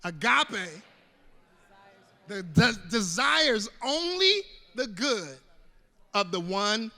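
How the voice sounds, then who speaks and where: A male pastor delivers a sermon, calling on the congregation to repeat lines after him. His voice sits high and rings bright. It moves between quiet, close talk and sudden shouts, and a long hall reverb trails behind it. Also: very animated, extremely slow. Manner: call-and-response preaching, swings from hushed to shouting.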